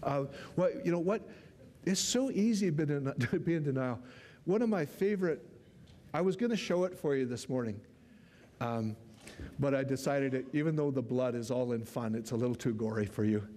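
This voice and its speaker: A man's voice: mid-range voice, normal speed. A male pastor preaching a sermon, telling a story animatedly with frequent laughs and restarts. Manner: animated storytelling, laughs often, repeats words. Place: church.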